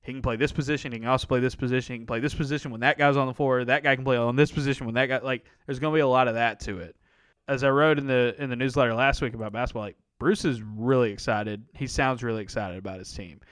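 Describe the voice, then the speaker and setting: A man's voice: mid-range voice, fairly even intonation, fast talker, fairly bright tone, no echo. A man co-hosting a casual sports podcast, rambling with many fillers and restarts, often laughing. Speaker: podcast co-host.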